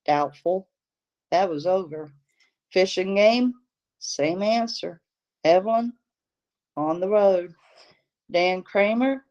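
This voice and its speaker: A woman reading a novel aloud, telling the story in a steady, deliberate way. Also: lowish voice, lo-fi sound. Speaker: audiobook reader, channel host.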